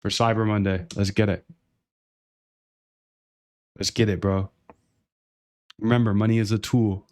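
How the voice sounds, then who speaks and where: A man hosting a trading live stream, delivering a hyped, pushy sales pitch and calling the listener dude and bro. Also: level tone, measured pace, long pauses, a little mellow, dry recording. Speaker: trading channel host.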